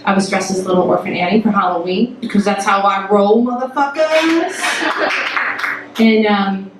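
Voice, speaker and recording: A woman from Toledo, Ohio, telling a personal story on stage to a live audience, animated and full of swearing, acting out every quote. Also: medium pitch, moderate pace, background noise. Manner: profane, animated, acts out quotes. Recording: echoey hall, mic at a distance.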